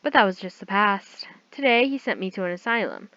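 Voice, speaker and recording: A woman's voice: mid-range voice, animated, fairly quick, a bit bright, no room sound. A woman casually reading a fan story aloud, stumbling and correcting herself with chatty asides. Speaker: story reader. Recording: dull lo-fi recording.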